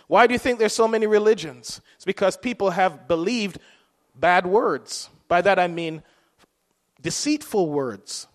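A man with a high voice delivers a sermon in a relaxed, conversational way. He keeps asking his listeners questions as he goes. His voice rings with a long reverb, as if it were recorded in a hall. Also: unhurried. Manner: conversational preaching, rhetorical questions. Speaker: preacher.

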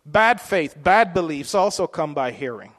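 A man with a voice on the high side preaches a sermon conversationally, expressive and at a moderate pace, his tone fairly bright. He poses rhetorical questions to his listeners, and the recording carries a long reverb tail.

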